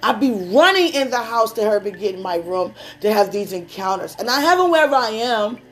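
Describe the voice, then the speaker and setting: Preaching in a chatty style, this woman blends anecdotes from her own life with laughter-filled asides, then eases into a slower rhythm for prayer. Her slightly high voice is very animated, and soft music plays behind her.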